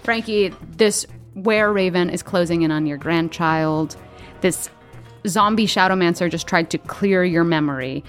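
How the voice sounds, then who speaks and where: A woman game master narrating a tabletop game, lively and descriptive. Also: lowish voice, unhurried, faint music behind. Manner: lively, laughs often, descriptive.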